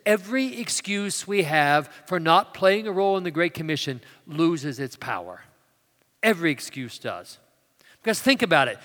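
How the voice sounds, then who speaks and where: Bright-voiced preacher in a reverberant hall. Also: male voice, high voice, big pitch swings, normal speed. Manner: swings between loud emphatic declarations and quiet storytelling. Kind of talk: sermon.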